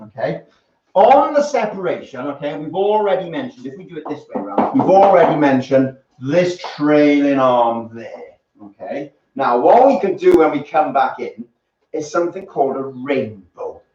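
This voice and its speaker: A man's voice: a little high, very animated, moderate pace, dark tone, a little hiss or hum. A man teaching a dance class on a live stream, chatty, counting the steps aloud. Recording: roomy, distant, dull live stream.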